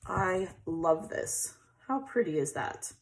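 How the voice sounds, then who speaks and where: A woman's voice: on the low side, lively intonation, slow pace. Chatty woman crafting. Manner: chatty, laughs easily, checks in with okay. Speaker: craft tutorial host. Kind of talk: casual crafting tutorial.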